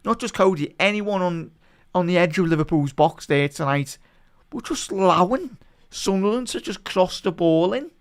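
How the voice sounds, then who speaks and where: A man giving live fan commentary during a football watch-along, talking to his chat and swinging from low muttering to outraged shouts at the referee. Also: animated, normal speed.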